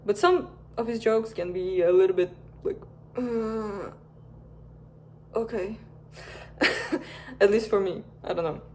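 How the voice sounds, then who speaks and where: A young woman telling a fan-made story like a bedtime tale, in a soft, unhurried voice at an everyday pitch. She wanders into casual, rambling asides to her viewers between scenes. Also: a little hiss or hum. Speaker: fan content creator. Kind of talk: reading a bedtime-story scenario and chatting.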